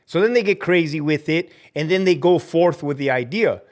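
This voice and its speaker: A man's voice: on the high side, moderate pace. A man, a former prison guard, ranting heatedly through viewer comments with constant swearing and bits of Spanish slang. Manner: drops Spanish slang into English. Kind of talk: livestream rant reading viewer comments.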